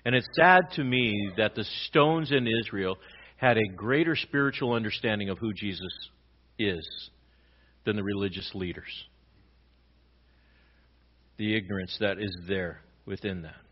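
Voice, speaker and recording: A man pastor preaching a sermon, swinging between loud emphatic lines and quiet low ones. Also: unhurried, long pauses, highs cut off.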